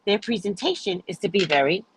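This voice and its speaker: A woman chats on her own livestream, spinning stories with swearing and putting on the voices of people she quotes. Her pitch swings up and down widely. Her voice has a slight husky edge. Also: brisk, dry recording, poor audio. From United States. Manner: animated, profane, acts out quoted voices. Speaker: livestream host. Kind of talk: casual storytelling chat.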